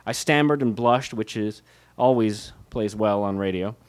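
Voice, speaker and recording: In an unhurried, clear, resonant voice on the low side, an author narrates his own memoir. The tone is candidly self-mocking and wry, punctuated by light laughs between phrases.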